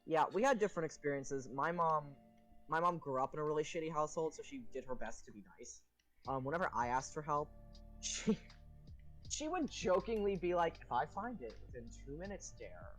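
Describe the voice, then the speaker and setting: A woman's voice: deep voice, expressive, a little fast, faint music behind, rough recording. A young woman co-host in casual chat on a stream, joking, swearing freely and laughing often.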